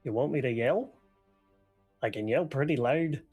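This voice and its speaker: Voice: mid-range voice, normal speed, a little mellow, husky, soft background music. A player in a tabletop game, easygoing and chatty while rolling dice. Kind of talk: casual tabletop play.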